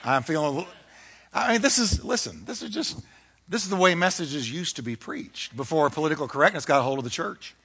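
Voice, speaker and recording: Male pastor, high bright voice, fiery emphatic sermon delivery. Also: animated, fairly quick, creaky, husky. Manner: fiery, emphatic preaching with dramatic shifts.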